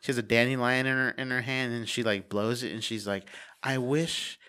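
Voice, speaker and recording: A man's voice: mid-range voice, steady tone, quick pace, sharp tone, clear, resonant tone. Laughing, rambling male podcast co-host. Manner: rambling storyteller, laughs a lot, swears. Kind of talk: casual chat.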